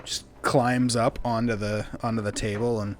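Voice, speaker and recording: A man's voice: mid-range voice, level tone, moderate pace, faint music behind. A man narrating as game master in a laid-back way with many fillers.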